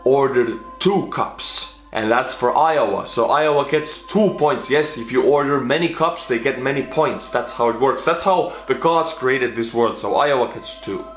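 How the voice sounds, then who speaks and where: A man with an Estonian accent hosting a reaction video, talking bluntly and joking, with sudden excited shouts. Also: medium pitch, unhurried, hardly any pauses, reverberant, soft background music. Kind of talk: casual reaction commentary.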